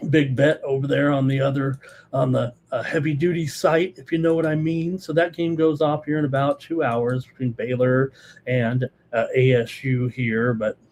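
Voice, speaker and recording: A male sports betting show host giving live analysis, talking fast with many fillers and reading out viewer comments. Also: medium pitch, a little mellow, slight background noise.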